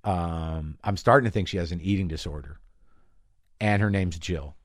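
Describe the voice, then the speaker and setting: A man performing a stand-up comedy routine, talking with animated swings and profanity and acting out the voices of people in his stories. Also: sits low, moderate pace, no room sound, studio quality. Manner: animated, swearing, acts out voices in bits.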